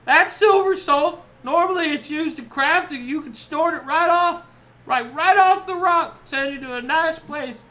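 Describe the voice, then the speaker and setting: A game master voicing a cheery, chatty male bard who wears a beast costume, rambling excitedly. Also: high voice, unhurried, pitched above the performer's own voice. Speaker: street bard and drug peddler.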